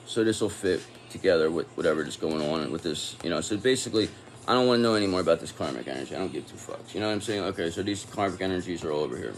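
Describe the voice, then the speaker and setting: A man's voice: sits low, expressive, rapid-fire, slight background noise. A man giving a casual tarot reading, talking in an angry, profane and confrontational way. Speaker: tarot reader.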